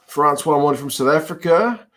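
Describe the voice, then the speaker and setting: A man's voice: on the high side, lively intonation, moderate pace, a bit bright. Casual New man chatting through a match. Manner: casual, chatty, reacting to play and reading viewer comments. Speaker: host. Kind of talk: live rugby watch-along chat.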